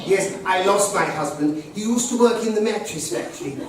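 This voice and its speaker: An actor playing a brash, widowed pantomime dame nanny who cracks bawdy jokes at the audience, recorded from far back in an echoey theatre with a noisy crowd. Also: male voice, high-pitched, lively intonation, normal speed. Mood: cheeky. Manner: bawdy joking audience address. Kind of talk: pantomime stage acting. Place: large theatre stage.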